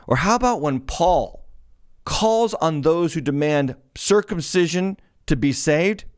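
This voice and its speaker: A man's voice: fairly high pitch, animated, a little slow, smooth, no echo, studio quality. A middle-aged man hosting his show as a pastor, preaching with emphatic, sarcastic, declamatory delivery. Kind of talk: preaching commentary.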